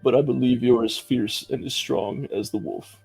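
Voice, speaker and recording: Guy doing a soft-spoken gentle big fella, gravelly and mellow, kind words. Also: mid-range voice, normal speed, soft background music. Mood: tender. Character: big gentle kindly man, Seamus.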